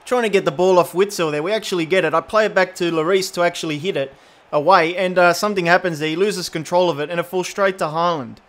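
A man giving casual, chatty commentary over his own football game, often exasperated and getting excited at big chances. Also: high-pitched, quick pace. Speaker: gaming YouTuber.

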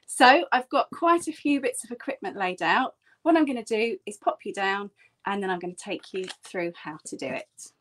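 A woman's voice: lively intonation, normal speed. Chatty woman teaching a craft. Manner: chatty and explanatory, with bright lifts in pitch. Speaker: print artist teaching a workshop. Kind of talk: friendly online craft tutorial.

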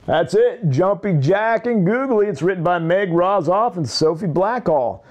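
A man's voice: sits high, animated, a little slow, a little mellow, dull audio, slight background noise. A man reading a picture book aloud for children, with playful storytelling asides.

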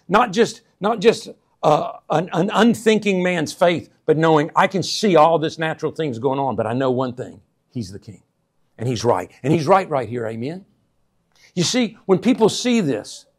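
A man preaching a sermon, calling out "amen?" to his church and swinging between hushed asides and loud emphatic bursts. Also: mid-range voice, husky. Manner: call-and-response, repeats 'amen?' to the congregation. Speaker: pastor.

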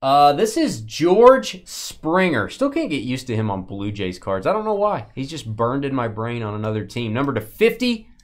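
A man hosting a live sports card break, joking with his co-host and calling out cards with bursts of excitement. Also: mid-range voice, brisk.

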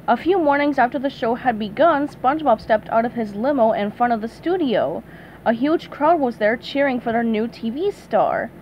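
High, lively woman reading a storybook. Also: moderate pace, highs cut off, a little hiss or hum. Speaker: storybook reader. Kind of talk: reading a children's storybook aloud.

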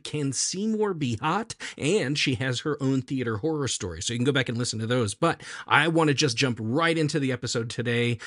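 A man hosting a podcast in casual chat, an animated storyteller who acts out the people in his stories. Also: mid-range voice, no echo, studio quality. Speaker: podcast host.

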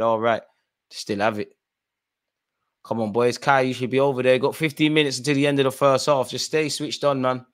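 A man in mid-range pitch commentates live on a football match as a fan host. He flips between loud outbursts at the players and the referee and low, muttered remarks. His delivery is casual and unscripted. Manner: excitable, shouts encouragement and complaints at players and referee.

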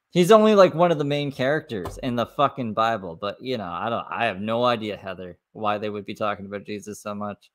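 A man hosts a reaction livestream in a somewhat low voice. He mocks what he watches with dry sarcasm and casual profanity. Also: lively intonation, a little fast, hardly any pauses. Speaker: commentary streamer.

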